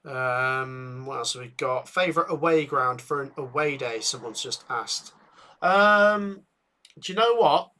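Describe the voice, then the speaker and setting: A man hosting a live football watchalong, chatting with viewers and getting excited at chances, a bit tired. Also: mid-range voice, unhurried. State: tired, yawning. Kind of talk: live match commentary and chat.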